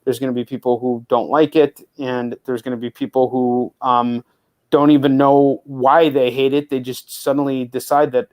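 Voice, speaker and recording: A man's voice: mid-range voice, little pitch movement, moderate pace, a little mellow. Male host, casual and candid, loose rambling delivery. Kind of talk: casual chat.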